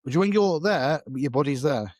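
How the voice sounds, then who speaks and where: A man's voice: on the high side, moderate pace, no room sound. Slangy man on a dry mic. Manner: slangy, animated storyteller, swears freely. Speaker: podcast co-host. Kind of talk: casual storytelling chat.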